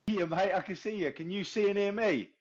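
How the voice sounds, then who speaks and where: Hoarse host, husky voice. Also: male voice, high-pitched, brisk, a little mellow, lo-fi sound. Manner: matey, sweary and laughing easily. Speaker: podcast host. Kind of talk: casual chat. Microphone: video call.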